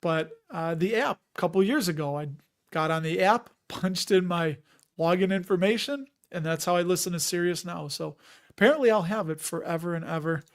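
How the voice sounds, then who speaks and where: A man's voice: high voice, normal speed. A man with a Chicago accent hosting a casual live stream, rambling and chatty and often laughing as he reads out viewer comments.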